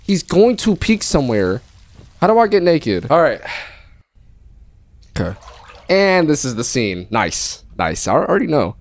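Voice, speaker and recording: A man giving live gameplay commentary on a horror game in casual slang. He is jumpy and excitable, and yelps when something startles him. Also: on the high side, measured pace, long pauses. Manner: casual slang, calls the game bro and dog. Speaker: streamer playing a horror game. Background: game music.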